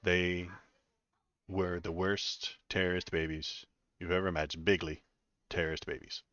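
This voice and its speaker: Guy doing a blustery old politician, low voice, rambling and bragging, dullish lo-fi mic. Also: flat delivery, normal speed, a bit bright, dry recording. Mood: mocking bluster. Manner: rambling, folksy, exaggerated boasting. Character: brash blustering older male politician, boastful.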